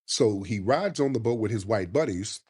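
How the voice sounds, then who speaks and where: A man hosting a casual live stream while hoarse from a cold, talking in slang and calling out to his viewers. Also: on the low side, animated, moderate pace, darkish tone. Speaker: livestream host. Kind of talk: casual livestream commentary.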